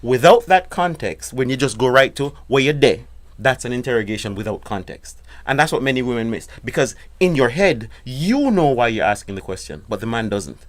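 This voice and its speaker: A man's voice: medium pitch, big pitch swings, fairly quick, hardly any pauses. A man hosting a relationship talk, insistent and cutting in to explain his point.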